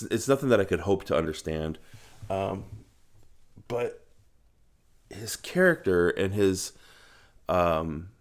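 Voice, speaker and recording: A man talking about books on his video channel in a reflective, earnest way, pausing often with ums. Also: sits low. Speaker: book vlogger. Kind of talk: casual book review monologue.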